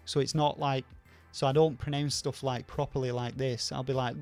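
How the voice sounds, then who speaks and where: Flat-voiced Northern English man, rambling. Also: medium pitch, moderate pace, hardly any pauses, soft background music. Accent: Rochdale, Greater Manchester, softened. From Northern England. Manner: rambling, many fillers and restarts. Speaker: channel host answering viewer questions. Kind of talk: casual livestream chat.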